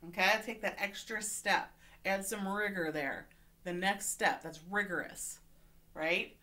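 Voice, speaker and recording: A woman's voice: mid-range voice, a little slow, bright, forceful tone. A woman teacher giving a remote reading lesson to children, patient and encouraging, often checking in with "okay?".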